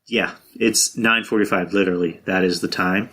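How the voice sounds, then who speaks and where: A man's voice: low-pitched, steady tone, moderate pace, pushed and bright, slightly rough. A young man hosting his own podcast alone, chatting casually and rambling with lots of fillers, restarts and swearing. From San Antonio, Texas. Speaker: podcast host. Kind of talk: casual solo podcast chat.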